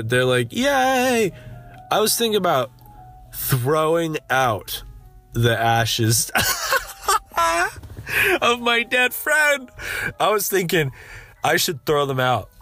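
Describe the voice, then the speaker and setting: A young man hosting a solo podcast, ranting in a sardonic, deadpan way full of profanity and restarts. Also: medium pitch. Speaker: podcast host. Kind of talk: rambling solo podcast monologue.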